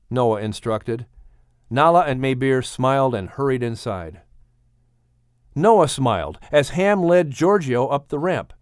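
A male audiobook narrator with a mid-pitched voice and a steady storytelling delivery. The recording is dry and close to the mic, with no room sound. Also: measured pace, clear, resonant tone, no echo. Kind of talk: scripted narration.

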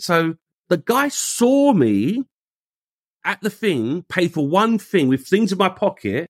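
A man tells a story with a lively, swinging voice and slips into the voices of the people he quotes. His slang is casual and the recording is dry and close. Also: high-pitched, takes it slowly, no echo. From England. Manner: animated, acts out quoted voices, uses street slang. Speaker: guest.

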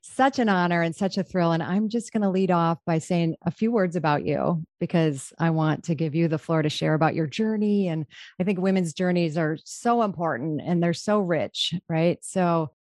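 A woman's voice: lowish voice, normal speed, a little mellow, no echo, studio quality. A woman hosting a podcast, introducing her guest in an effusive, rambling way with many restarts. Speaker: podcast host.

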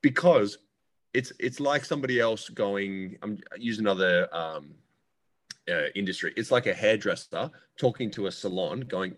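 A man, chatting casually as a podcast co-host, telling animated stories and swearing freely. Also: on the low side, moderate pace. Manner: animated storyteller who swears freely and acts out other people. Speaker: comedian co-host.

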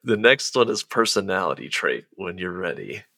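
Chatty man with a bright voice. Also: low-pitched, moderate pace, creaky, no echo, clean studio sound. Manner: relaxed, chatty, lots of "like". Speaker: host and game master. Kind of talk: explaining a role-play game, casual.

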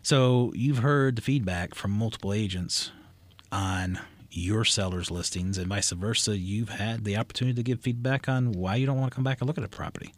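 Husky-voiced male radio host. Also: lowish voice, no room sound. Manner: chatty, joking, loose with restarts. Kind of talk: casual talk radio chat.

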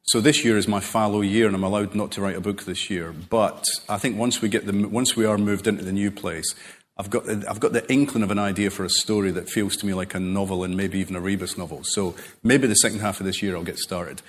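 A man being interviewed as a novelist, telling rambling, animated stories full of self-corrections. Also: lowish voice, fairly quick, a little hiss or hum. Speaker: novelist guest. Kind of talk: relaxed conversational interview.

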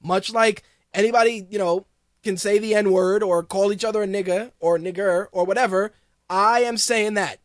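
A man's voice: sits high, steady tone, moderate pace, dry recording, clean studio sound. A man hosting a podcast, ranting in a profane, sarcastic way in a casual commentary style. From Hispanic background. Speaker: podcast host.

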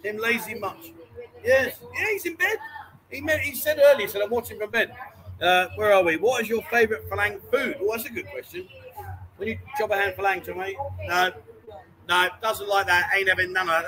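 A man's voice: high voice, brisk, sharp tone, low-quality recording. A man hosting a casual live stream from a bar, chatty and jokey, calling people mate and darling. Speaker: host.

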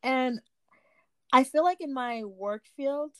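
A woman's voice: sits high, takes it slowly, smooth, no echo. A young woman in casual conversation, talking in a searching, hesitant way with many restarts. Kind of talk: casual chat.

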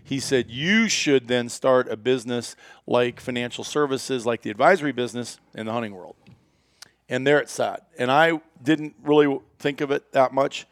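A man's voice: mid-range voice, moderate pace, no room sound. A middle-aged American man, a company founder, telling a long story in a casual interview, rambling with many fillers and restarts.

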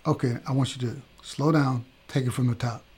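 A male preacher voicing a calm, reassuring older male prophet. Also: medium pitch, a little fast, slightly rough.

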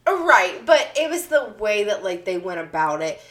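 A woman hosting a podcast, telling a story in a blunt, profane, animated way. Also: mid-range voice, moderate pace. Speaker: podcast host. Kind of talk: casual storytelling chat.

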